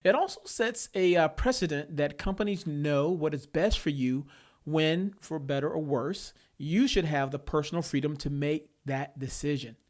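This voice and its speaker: A man's voice: fairly high pitch, moderate pace. Chatty opinionated male podcast host. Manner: conversational, opinionated, chuckles between points. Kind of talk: solo podcast commentary.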